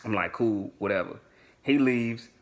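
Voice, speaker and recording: A man's voice: lowish voice, a little slow. A young adult man casually telling a dating story to his viewers, acting out the other people's lines in slangy speech. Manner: animated storyteller, acts out quoted dialogue in slangy speech.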